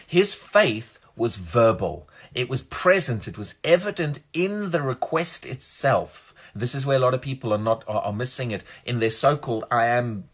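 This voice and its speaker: A man's voice: mid-range voice, lively intonation, normal speed, hardly any pauses, fairly bright tone, slightly rough. A man preaching a sermon, earnest and emphatic, often repeating words as he restarts a phrase.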